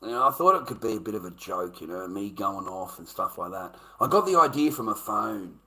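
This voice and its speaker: This middle-aged livestreamer with an Australian accent rants casually through stories, profane and rambling, laughing along the way. He speaks briskly in a lowish, gravelly voice with a sharp tone and lively intonation. The recording is low quality.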